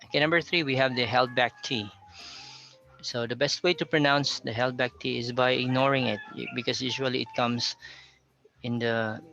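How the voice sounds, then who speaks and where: A male pronunciation teacher with a Filipino English accent reads example phrases slowly and deliberately. His voice is bright with a gravelly edge. The audio is slightly muffled, with faint music underneath. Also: mid-range voice, steady tone. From Philippines. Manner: slow, careful model readings of example phrases. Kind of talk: accent training lesson.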